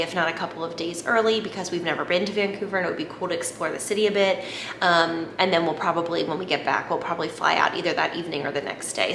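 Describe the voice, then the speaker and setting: A woman, chatting to camera in a gushing vlog, repeating herself when excited. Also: fairly low pitch. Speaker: vlogger. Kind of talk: casual chat to camera. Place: home at night. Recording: echoey room, faint background noise.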